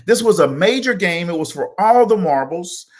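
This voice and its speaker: A man's voice: high-pitched, normal speed. A man, co-hosting and telling folksy motivational stories. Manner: folksy, animated storyteller. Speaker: co-host. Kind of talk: motivational storytelling.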